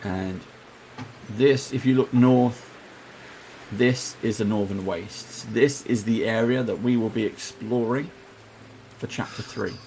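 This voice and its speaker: A man acting as game master, narrating a tabletop game in a measured, explanatory way with hesitations. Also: on the low side, a little mellow, a little hiss or hum.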